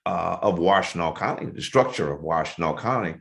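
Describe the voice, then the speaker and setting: A man's voice: sits low, expressive, a little fast, gravelly, a bit bright. A man hosting a casual interview over a video call, affirming and conversational with his guest. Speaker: show host.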